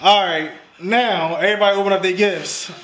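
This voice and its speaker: A man's voice: sits high, fairly even intonation, a little fast, low-quality recording. A man casually vlogging with his family, calling viewers y'all and leaning on fillers. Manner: laid-back, addresses viewers as y'all, repeats fillers. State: out of breath. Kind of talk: casual vlog to camera. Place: out and about while shopping, then at home. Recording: loud background noise, traffic.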